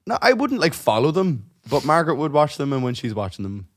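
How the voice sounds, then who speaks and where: A man, co-hosting a podcast in casual chat. He tells stories in an animated way, swears freely and laughs through them. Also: a little high, fairly quick, no room sound, clean studio sound. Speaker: podcast co-host.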